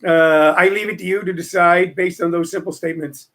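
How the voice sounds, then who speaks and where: Rambling high-voiced male host. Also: steady tone, brisk, a bit bright. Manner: rambling, opinionated, lots of fillers and repeats. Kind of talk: casual storytelling chat.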